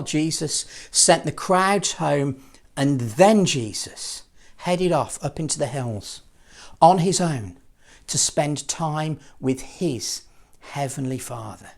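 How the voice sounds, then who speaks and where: A man's voice: a little high, slow pace, creaky. Playful man telling a children's Bible story. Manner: playful, expressive, jokey asides. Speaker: children's assembly presenter.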